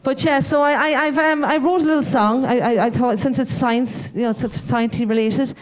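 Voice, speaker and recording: Irish woman comic, stand-up set, a touch high-voiced, rambling, self-deprecating, dark humour. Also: steady tone, normal speed. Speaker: stand-up comedian. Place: live stage at a comedy night.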